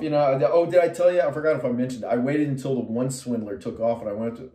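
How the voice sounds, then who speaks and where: A middle-aged man, a metal musician and artist, telling a long personal story to camera in a loose, digressive way, full of fillers and restarts, his voice jumping high and loud whenever he quotes himself. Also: fast talker. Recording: roomy sound from a distant mic.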